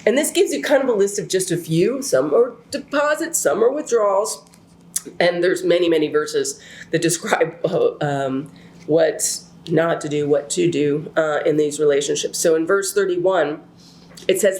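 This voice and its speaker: A woman's voice: fairly low pitch, moderate pace, darkish tone, reverberant. A woman teaching a relationship class in a casual, chatty way. She tells personal stories with lots of fillers and asides.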